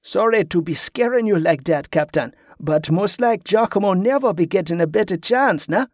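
A man's voice: sits high, animated, moderate pace, no room sound, studio quality, pitched above the performer's own voice. A man playing a big, cheerful male sailor who talks in a folksy broken way. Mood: jovial.

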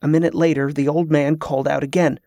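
A man's voice: fairly high pitch, no room sound. Man narrating a fantasy audiobook. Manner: steady, measured storytelling.

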